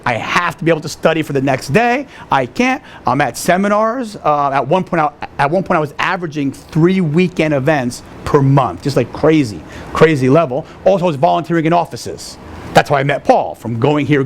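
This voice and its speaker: A man's voice: a little high, fairly quick, slight background noise. A man casually telling a personal story, acting out the dialogue and often adding "right?". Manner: animated, acts out dialogue with fillers like "right?".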